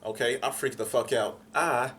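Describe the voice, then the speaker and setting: A young man telling a comic story in an animated, profane way, acting out voices. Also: medium pitch, moderate pace, a little hiss or hum.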